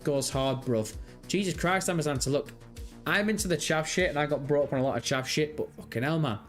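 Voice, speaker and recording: A man's voice: a little high, a little fast, a bit bright, soft background music. A young man in his twenties with a Birmingham accent, chatting casually on a live stream, rambling and swearing freely as he reads out viewer comments. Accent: Birmingham English. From England. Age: 20s. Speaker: livestream host.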